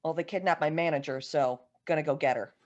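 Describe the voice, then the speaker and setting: A woman's voice: low voice, quick pace, darkish tone, highs cut off. A woman playing her character in a tabletop game, speaking bluntly and swearing casually. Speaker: player.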